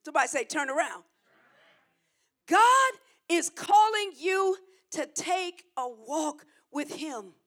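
A woman's voice: very high-pitched, animated, slow pace, sharp tone. A woman preaching a sermon, emphatic and repetitive, calling the congregation to answer back.

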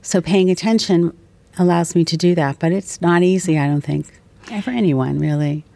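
A woman's voice: lowish voice, fairly even intonation, moderate pace, vocal fry, warm tone. A woman who teaches education at a university, talking earnestly and passionately in an interview, often restarting her sentences. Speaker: education professor, interview guest. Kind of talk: reflective conversational interview.

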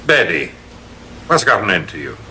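An actor in a TV show playing a man recovering in hospital who wants to adopt a girl, speaking calmly. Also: deep voice, normal speed, a little hiss or hum, heavily acted. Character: sick man in hospital, protective foster father.

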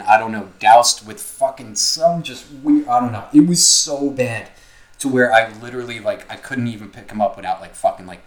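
A man's voice: mid-range voice, rough recording. A young man co-hosting a casual podcast, telling a story loosely and profanely with lots of filler words. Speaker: podcast co-host.

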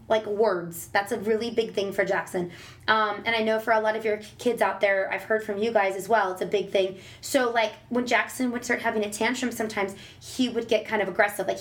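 A woman, a parent, talking casually and animatedly about raising her child and acting out voices when she quotes. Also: medium pitch. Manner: animated, acts out exaggerated voices when quoting. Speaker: parent sharing advice. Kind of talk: casual advice chat.

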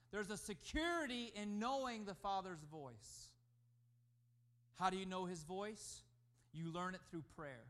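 A man preaching a sermon as pastor, emphatic, rising and falling in loudness. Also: high voice, moderate pace.

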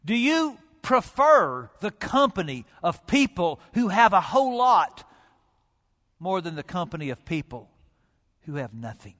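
A male pastor preaching with rhetorical questions and dramatic pauses, sometimes dropping to a near whisper. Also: high voice, big pitch swings, a bit bright, in a large hall. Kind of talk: sermon. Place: church sanctuary.

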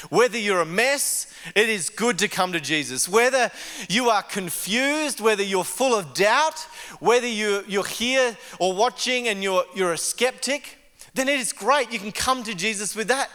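Male pastor, high bright voice, earnest conversational sermon full of restarts, long hall reverb. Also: normal speed. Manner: earnest, stumbles and repeats words. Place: church service.

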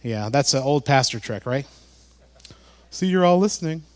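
This sermon comes from a man with a mid-range voice at a moderate pace, a pastor whose relaxed, conversational delivery is peppered with fillers and restarts.

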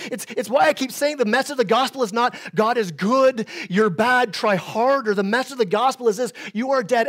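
High-voiced man preaching conversationally. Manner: conversational preaching with frequent "right?" asides; swings between loud emphatic bursts and quiet, low asides. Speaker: pastor. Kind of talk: sermon.

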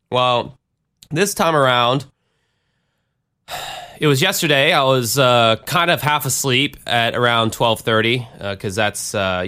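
A man's voice: medium pitch, sharp tone, clean tone. A man hosting a podcast, telling a profane, rambling story in a self-deprecating way. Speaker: podcast host and DJ. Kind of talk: casual storytelling.

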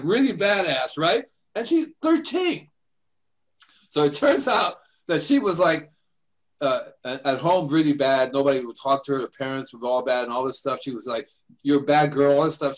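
Over poor audio, an older man with a voice on the high side hosts a radio show, chatting casually. He rambles through stories and acts out voices in his anecdotes.

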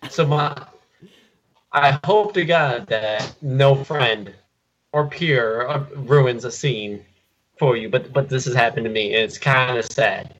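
A man co-hosting a casual movie podcast, telling an anecdote in animated bursts. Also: mid-range voice, slow, dull audio, a little hiss or hum. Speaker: podcast co-host. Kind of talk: casual chat about movies.

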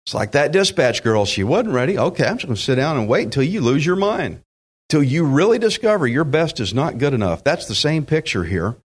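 A man's voice: a little high, sing-song, a little fast, husky. A man preaching a sermon, emphatic and direct, acting out quotes and speaking to listeners as friends. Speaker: pastor.

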